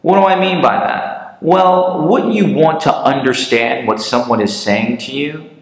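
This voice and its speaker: A man's voice: medium pitch, measured pace, vocal fry. A man who is a native English speaker, giving an English lesson in a patient way and asking and answering his own questions. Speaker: English teacher. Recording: very echoey room with long reverb.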